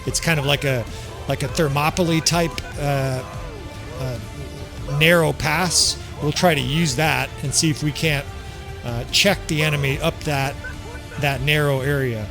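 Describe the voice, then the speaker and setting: A man's voice: a little high, fairly even intonation, a little slow, creaky, music in the background. A man giving casual strategy game commentary, joking and swearing as he plays, chuckling often. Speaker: gameplay commentator.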